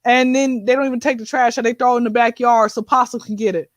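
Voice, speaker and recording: A woman comedian in a casual interview, talking in an animated, preachy way with sassy asides. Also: a little high, quick pace, dry recording. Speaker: comedian guest.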